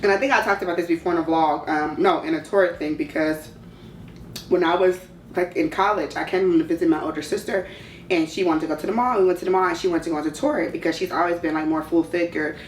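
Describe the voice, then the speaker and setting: Candid, slangy woman in her 30s, vlog Q&A host; slightly low voice, roomy distant sound. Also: fast talker, slight background noise. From California. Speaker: vlogger. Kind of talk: casual Q&A chat.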